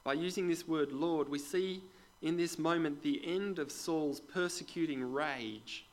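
A man preaching a sermon to a congregation in a conversational way, putting questions to the listeners and dropping into quiet asides. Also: a little high, measured pace, poor audio. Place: church with a congregation.

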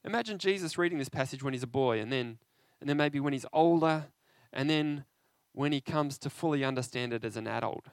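A man preaching an interactive sermon, animated and conversational, often asking his listeners questions. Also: mid-range voice, brisk, few pauses, no echo.

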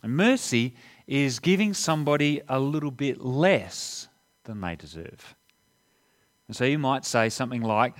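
A man preaching a sermon, telling a story with emphatic pauses as he goes. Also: medium pitch, expressive. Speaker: pastor.

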